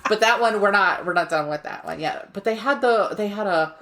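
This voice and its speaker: A woman's voice: mid-range voice, fairly quick, a bit bright. A woman co-hosting a podcast, chatting casually and retelling a show, laughing often. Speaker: podcast co-host. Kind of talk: casual chat.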